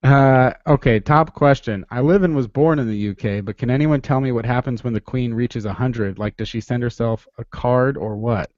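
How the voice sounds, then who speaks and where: A man's voice: medium pitch, moderate pace, few pauses, darkish tone, no room sound, dull audio. A man hosting a podcast, chatting casually and teasing his guest. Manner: joking, teasing. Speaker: podcast host.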